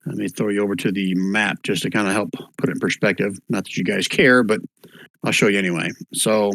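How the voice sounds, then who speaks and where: A man's voice: lowish voice, fairly even intonation, brisk, creaky, a bit bright, dry recording, low-quality recording. A man running an online tabletop one-shot as game master, easygoing, with lots of fillers, spelling out names as he goes. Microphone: voice chat microphone.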